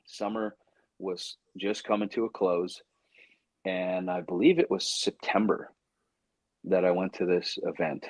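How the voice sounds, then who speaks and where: An actor on an interview show tells a lively story in an unhurried, low-sitting voice, acting out his inner voice along the way. He often restarts and stammers when excited, and the recording is rough with no room sound.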